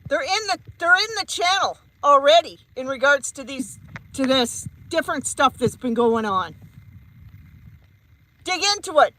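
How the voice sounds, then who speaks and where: A woman's voice: sits high, animated, measured pace, pushed and bright, poor audio. A woman, a psychic medium, giving a heated vlog rant and repeating her points emphatically. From Canada.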